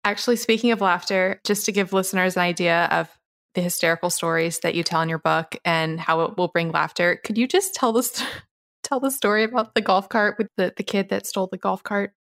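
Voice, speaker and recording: A woman hosting a podcast interview, speaking with measured enthusiasm. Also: on the low side, steady tone, creaky, a bit bright. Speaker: podcast host.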